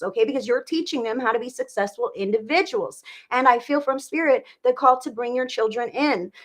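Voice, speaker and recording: Chatty, affectionate woman giving a psychic reading. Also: fairly high pitch. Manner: chatty and affectionate, full of endearments; checks in with "okay?" after each point. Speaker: psychic reader. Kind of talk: live-streamed reading.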